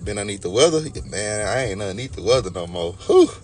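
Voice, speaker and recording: A young man with a Texas accent talks fast in a lowish voice, having just woken up and sipping coffee as he chats with his livestream audience. He's easygoing and greets people in chat by name.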